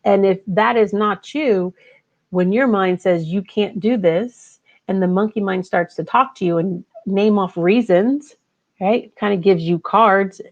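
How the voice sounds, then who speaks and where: A woman's voice: medium pitch, measured pace, muffled recording. A woman hosting a podcast as a life coach, giving a conversational motivational talk and repeating her key phrases.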